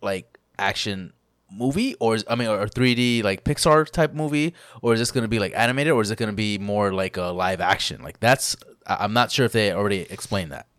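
A man's voice: fairly low pitch, brisk, fairly bright tone, no echo, studio quality. A man co-hosting a casual gaming podcast, laid-back and curious. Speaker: podcast co-host. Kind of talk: casual gaming news chat.

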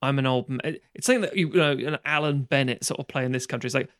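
A man chatting casually on a podcast, retelling a film plot in a lively, sweary way and acting out the characters' lines. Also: medium pitch, rapid-fire, no echo, clean studio sound.

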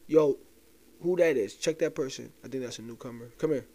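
Young male podcast host, casual profane solo rant, mid-pitched, confiding with listeners. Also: a little fast, dark tone. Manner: loose, profane, conspiratorial, talks straight to listeners.

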